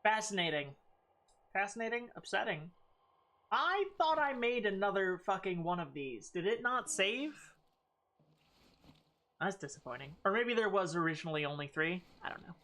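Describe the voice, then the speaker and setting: A woman's voice: medium pitch, very animated, moderate pace, fairly bright tone. A woman streaming a game, chatting casually with a playful, sarcastic manner and loose swearing. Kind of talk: casual gaming stream chat.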